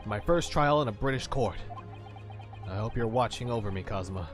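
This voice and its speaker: A man voicing an anxious, earnest young lawyer in low, worried inner monologue while reading a game aloud. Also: animated, fairly quick, music in the background, lightly acted. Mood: nervous.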